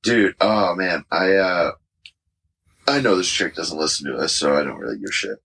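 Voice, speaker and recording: Low-voiced laid-back male podcast host. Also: moderate pace, a bit bright, slightly rough. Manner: loose, laughing, swearing, filler-heavy. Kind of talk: casual podcast chat.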